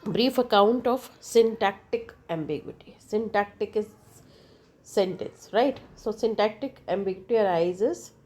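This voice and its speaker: A woman gives an informal lecture on language terms. She talks slowly and works through each example, her voice warm and mellow, and she keeps pausing to check with "right?". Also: mid-range voice. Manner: slow, explanatory, with frequent filler "right?". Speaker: English teacher.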